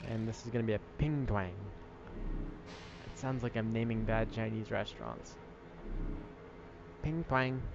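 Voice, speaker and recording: A man's voice: on the low side, steady tone, normal speed, gravelly, dull audio. A man casually commenting while playing a game late at night, laid-back and self-deprecating, sounding tired. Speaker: gaming streamer. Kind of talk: casual let's-play commentary.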